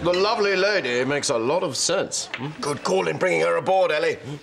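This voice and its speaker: An actor playing a smooth, gallant and dim-witted middle-aged spy father in a sitcom, with a questioning "hmm?" tag. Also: a little high, animated, brisk, fairly bright tone. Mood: suave. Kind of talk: sitcom acting. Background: music.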